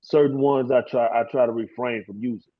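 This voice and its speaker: A male panelist speaking in a calm, measured way. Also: medium pitch, dry recording. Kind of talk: casual panel discussion. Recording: dry, tinny phone-like sound.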